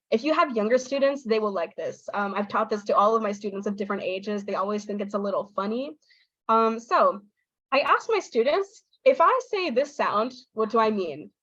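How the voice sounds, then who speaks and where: A woman's voice: no room sound, lo-fi sound. American woman teaching intonation online. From United States. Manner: lively, demonstrates intonation with exaggerated pitch. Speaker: English teacher giving a webinar talk.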